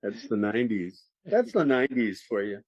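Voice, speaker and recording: An older man, an actor, telling stories from his career in an interview, animated and laughing often. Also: mid-range voice, moderate pace, slightly rough, no room sound, highs cut off. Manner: animated, laughing, restarts sentences. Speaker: actor guest. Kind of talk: interview storytelling.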